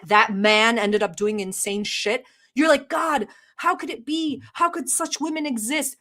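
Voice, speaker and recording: A woman's voice: mid-range voice, a bit bright. A woman from the Middle East hosting a reaction channel, talking bluntly with sarcasm and swearing as she comments on clips. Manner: blunt, profane, sarcastic ranting.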